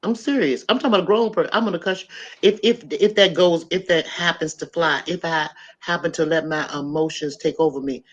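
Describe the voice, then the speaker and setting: A middle-aged woman hosting a podcast, telling a story in an animated, emphatic way and talking straight to her listeners. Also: fairly low pitch, fairly quick. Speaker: podcast host. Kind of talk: casual storytelling chat. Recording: dull lo-fi sound.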